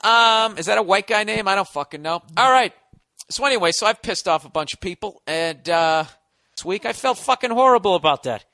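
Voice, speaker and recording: High, bright-voiced sarcastic ranting man. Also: lively intonation, brisk, dry recording. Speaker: podcast host. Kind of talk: comedic podcast monologue.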